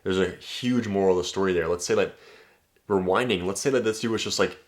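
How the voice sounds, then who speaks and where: Low-voiced man, dating coach, casual profane monologue. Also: fast. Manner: blunt and profane, tags points with "right?".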